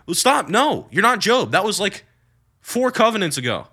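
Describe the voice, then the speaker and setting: A man's voice: high-pitched, very animated, normal speed, pushed and bright, husky. A man preaching earnestly to young people about prayer, with emphatic bursts. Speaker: youth preacher. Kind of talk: teaching on prayer.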